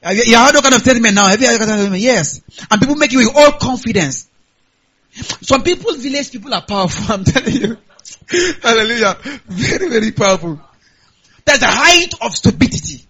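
A Nigerian man preaching a sermon as a pastor, animated and punctuated with hallelujahs. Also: extremely high pitch, fairly quick, slightly rough.

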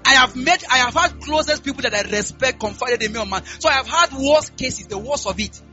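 High bright-voiced fervent man preaching. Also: animated, brisk, muffled recording, faint music behind. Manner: call-and-response, asks "are we together?"; rising to loud fervent prayer. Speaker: pastor. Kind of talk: sermon with announcements and prayer. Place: church.

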